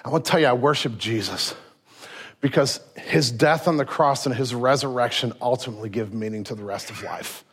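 A man's voice: medium pitch, fairly quick, fairly bright tone, husky. A man preaching a sermon in a church, telling stories animatedly with frequent restarts. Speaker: pastor.

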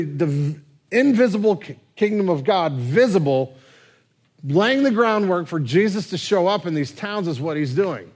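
A man preaching a sermon as pastor, relaxed and conversational, sometimes dropping his voice very low. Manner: conversational, drops to near whisper at tender moments.

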